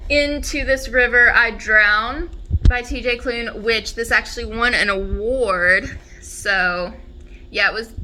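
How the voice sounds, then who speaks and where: A young woman vlogging casually about books, gushing and excitable, full of "like" and "oh my God.". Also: a little high, a little hiss or hum, poor audio. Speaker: book vlogger. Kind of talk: casual chat to camera.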